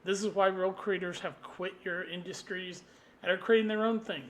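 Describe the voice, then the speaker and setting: A man with a high, piercing voice rants alone at the camera. He talks in a combative, profane stream and keeps flaring into louder outbursts. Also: fairly even intonation, moderate pace, slight background noise. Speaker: vlogger. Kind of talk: angry solo rant to camera.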